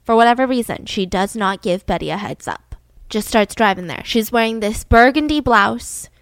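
A woman podcast host casually retelling a true-crime story in an animated, chatty way. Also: a little high, moderate pace, no echo. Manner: animated, chatty, slips into voices.

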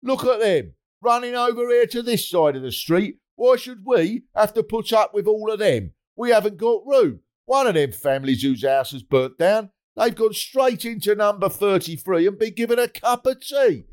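A man's voice: high voice, lively intonation, moderate pace, hardly any pauses, darkish tone, clean tone, pitched above the performer's own voice. A man voicing an indignant neighbour who complains in an outraged tone. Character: indignant grumbling British neighbour, male.

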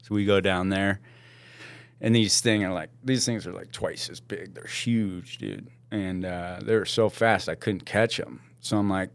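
A man spins a wild tale with real gusto, his voice sitting a bit low. He is slangy and loose, laughing through the story. The recording is close and dry, with no room sound. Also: a little slow, creaky, no echo. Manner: animated, laughs often, slangy, calls people "dude". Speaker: podcast guest. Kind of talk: casual storytelling.

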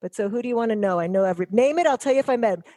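A woman's voice: a little high, animated, very fast, mellow. A woman guest in casual chat, telling rambling stories and teasing the hosts playfully.

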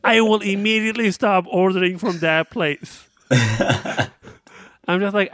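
Smooth-voiced young man, dry close sound. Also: sits high, measured pace, long pauses, a bit bright, no echo. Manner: self-mocking storytelling, acts out his own lines. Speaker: podcast co-host and comedian. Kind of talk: casual chat.

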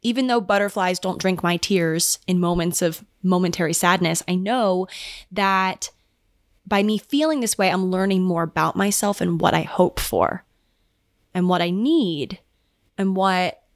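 A woman's voice: lowish voice, lively intonation, a little slow, dry recording, clean studio sound. A young woman hosting a solo podcast, chatting casually and rambling with lots of "like" fillers. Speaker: podcast host. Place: home.

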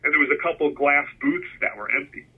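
Middle-aged Jersey man, husky and a bit high, rambling storyteller, phone-line sound. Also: fast talker. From New Jersey, USA. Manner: rambling, many restarts, animated when quoting himself. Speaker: guest, concert photographer. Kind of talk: casual storytelling interview.

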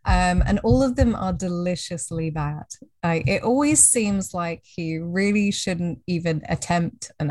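Playful woman with a low, dry voice. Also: a little mellow, dry recording. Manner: playful, laughing easily. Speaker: podcast co-host. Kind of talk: casual podcast chat.

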